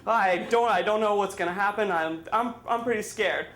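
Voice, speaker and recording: A man's voice: high voice, normal speed, a bit bright, a little hiss or hum. A man telling a funny personal story at a live storytelling night in a bar, rambling and full of fillers as he mocks himself. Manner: rambling and filler-heavy, self-mocking humor. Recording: echoey room with faint ambience.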